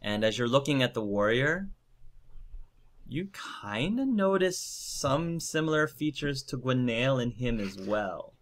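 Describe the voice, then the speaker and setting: A man's voice: mid-range voice, expressive, unhurried. A man narrating a tabletop game as game master, hesitant, with many fillers.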